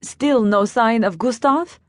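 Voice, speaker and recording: A woman's voice: on the high side, takes it slowly, dry recording, voice pushed up. Lady narrator doing old german grandma w/ accent, bossy practical innkeeper, dry close audiobook sound. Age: older. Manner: matter-of-fact, giving orders.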